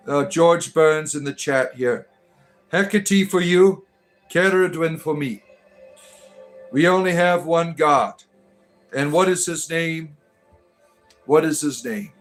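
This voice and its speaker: A man hosting a casual livestream, joking as he reads and answers chat messages and often adding "right?". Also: on the high side. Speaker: livestream host reading chat.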